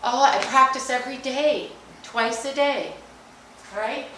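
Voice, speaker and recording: A woman's voice: high voice, unhurried, slight background noise. Chatty woman in an echoey hall. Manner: energetic, chatty, jokey and emphatic. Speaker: speaker at a business luncheon. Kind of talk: motivational talk on meditation. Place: large hall. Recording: echoey hall, mic at a distance.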